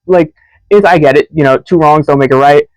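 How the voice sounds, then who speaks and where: A man's voice: a little high, fast talker, smooth, no echo, rough recording. A young man co-hosting a podcast, telling a story in casual chat and acting out the voices of the people in it. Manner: animated storyteller who acts out quoted voices. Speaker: podcast co-host.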